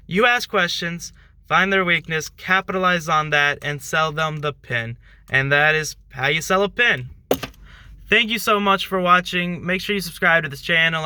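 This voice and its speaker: Chatty young man, bright crisp voice. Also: a little high, dry recording. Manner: loose and chatty, many fillers like "like" and "kinda". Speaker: channel host giving sales tips. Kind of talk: casual talk-to-camera tutorial.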